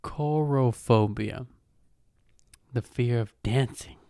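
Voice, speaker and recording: A man hosts a podcast with a casual comedic monologue, riffing in a mocking, profane manner and laughing at his own jokes. His mid-range voice is slow, creaky and warm, captured on a podcast microphone with clean studio sound and no room noise.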